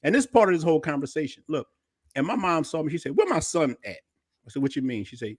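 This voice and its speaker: A man's voice: a little high, fast talker, slightly rough, no room sound, clean studio sound. A middle-aged man hosting a podcast, telling personal stories in casual, slangy chat. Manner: animated storyteller, slangy. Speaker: podcast host.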